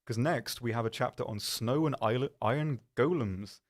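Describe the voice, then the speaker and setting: A man's voice: mid-range voice, normal speed. A man hosting a live stream, chatting casually in a rambling, self-deprecating way with lots of ums. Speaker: stream host.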